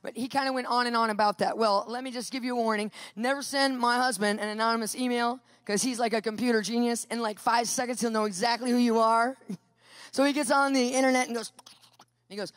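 High voiced woman preaching, telling a story all animated, dry close sound. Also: fast, dry recording. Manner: lively, animated storyteller who acts out quotes. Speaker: Christian speaker. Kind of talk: storytelling sermon.

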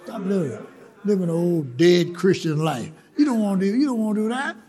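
A man preaching a sermon in church, shouting and laughing as he urges the congregation to laugh along. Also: high-pitched, expressive, a little fast. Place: church service. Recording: live in church with crowd noise.

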